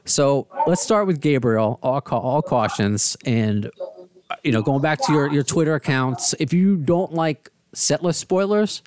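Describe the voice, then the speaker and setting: A man's voice: a little high, measured pace, background noise. A man from the United States hosting a casual interview, rambling and self-deprecating. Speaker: host. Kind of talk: casual video-call interview.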